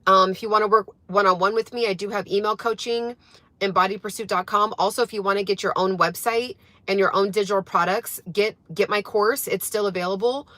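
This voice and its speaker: A woman's voice: mid-range voice, fairly even intonation, a little fast, sharp tone, no echo. Chatty young woman talking while driving. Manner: chatty, motivational, lots of fillers and restarts. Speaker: fitness coach and livestreamer. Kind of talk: casual livestream chat while driving. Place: in a car.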